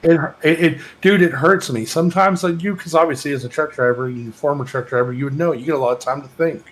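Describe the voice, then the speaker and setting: A man's voice: fairly high pitch, fast, rough recording. A man with a Texas accent talking in a casual podcast chat, rambling, heartfelt and full of swearing. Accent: Texan. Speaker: podcast co-host.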